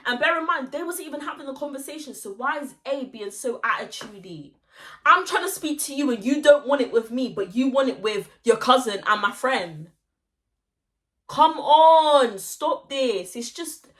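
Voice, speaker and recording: Young woman vlogger, high and bright, animated slang storytelling. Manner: animated, slangy retelling with quoted voices. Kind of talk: story time vlog.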